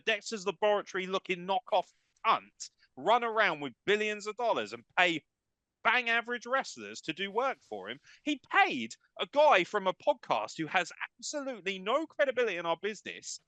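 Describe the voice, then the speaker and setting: A man's voice: sits high, bright, forceful tone, no echo. A British man hosting a podcast, ranting in a crude, mocking way with constant swearing and bursts of laughter. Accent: British English. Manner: profane, mocking, breaks into laughter. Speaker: podcast host. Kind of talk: crude comedic rant.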